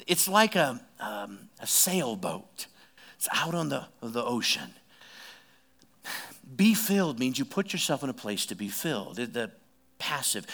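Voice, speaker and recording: Bright-voiced middle-aged male pastor. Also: medium pitch. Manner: conversational, joking, repeats phrases for emphasis. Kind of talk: sermon.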